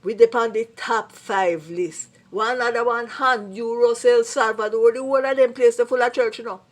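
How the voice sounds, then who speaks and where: A Jamaican woman with a fairly high voice delivers a casual commentary in Patois. She speaks emphatically and sounds indignant throughout. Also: steady tone, normal speed. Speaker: vlogger commentator.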